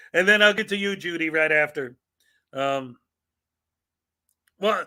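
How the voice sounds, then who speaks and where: Male streamer, high and bright, jokey casual delivery, faint guitar bed. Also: slow, pauses often. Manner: joking, laughs often, reads mock legal paperwork aloud. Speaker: live stream host. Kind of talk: casual live stream chat.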